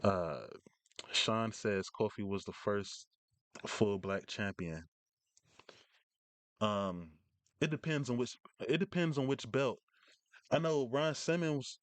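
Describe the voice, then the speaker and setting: A man's voice: medium pitch, no echo. A man hosting a casual live stream, rambling through news with many fillers and restarts from his home setup.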